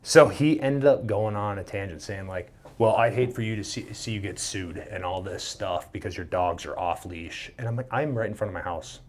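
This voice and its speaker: A man's voice: on the low side, moderate pace, few pauses. A man in his thirties from Minnesota, a podcast guest telling a story casually, acting out the voices and swearing freely. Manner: animated, swears freely, acts out quoted dialogue.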